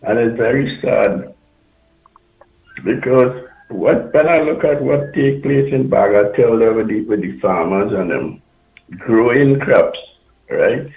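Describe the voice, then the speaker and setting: A man calling a radio show, speaking in an unhurried, somber way. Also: medium pitch, gravelly. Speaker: radio caller. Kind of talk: call-in talk radio. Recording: tinny echoey phone line.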